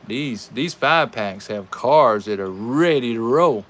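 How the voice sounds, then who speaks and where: A man with a Southern American accent hosts a live stream and calls toy car races in a folksy, animated way, chatting with his viewers. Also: medium pitch, unhurried, few pauses. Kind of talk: live race commentary.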